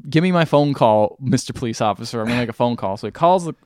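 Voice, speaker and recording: A man's voice: medium pitch, animated, fast, darkish tone, dry recording. Podcast host, male, mid-range voice, dry close sound, casual recap that slips into character quotes. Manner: retells scenes by acting out the characters' lines.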